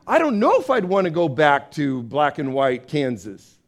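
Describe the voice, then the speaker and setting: Animated man preaching a sermon. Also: moderate pace. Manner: animated storyteller, acts out voices with big pitch swings; conversational, with fillers and restarts. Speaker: pastor.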